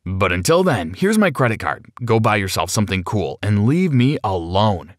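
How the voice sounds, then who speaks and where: A man voicing a strict, grumpy middle-aged father who shouts sternly. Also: lowish voice, very animated, normal speed, slight background noise. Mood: dismissive.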